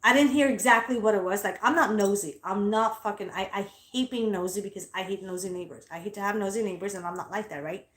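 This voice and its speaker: Blunt, loud-talking woman in an echoey room. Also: mid-range voice, fast, few pauses. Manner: blunt, loud, profane and straightforward. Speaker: vlogger. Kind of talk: casual storytelling vlog.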